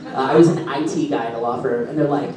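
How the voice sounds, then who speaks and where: A middle-aged man spins animated stories at a convention panel and breaks into laughter often. His voice bounces around a big echoey hall, heard from well back from the mic. A steady noisy hum sits beneath it. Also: medium pitch, fast talker. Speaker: voice actor, convention panel guest. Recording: echoey hall, distant mic, audible noise.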